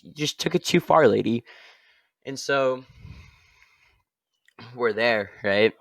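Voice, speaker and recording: A man hosting his own podcast, telling a story casually and rambling, often tagging sentences with a quick "all right?". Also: medium pitch, creaky, no echo, studio quality. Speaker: podcast host.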